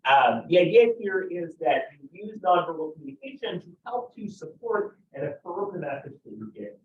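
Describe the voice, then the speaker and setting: A man's voice: high-pitched, animated, normal speed, phone-quality sound, slight background noise. A man teaching a college class, explaining ideas step by step and often checking in with "right?". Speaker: college instructor. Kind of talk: classroom lecture.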